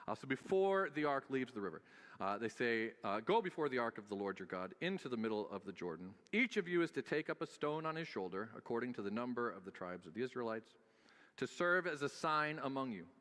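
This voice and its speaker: Man, pastor giving a sermon, conversational, humorous, filler-heavy, bright tone, long hall reverb. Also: medium pitch, sing-song, brisk. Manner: conversational and joking, frequent "uh" fillers.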